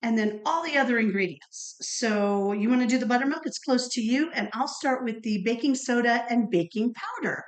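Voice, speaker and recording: A woman's voice: a little high, moderate pace, few pauses. A woman in her forties co-hosting a casual cooking chat, upbeat and giggly, directing the steps. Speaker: co-host. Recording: echoey kitchen.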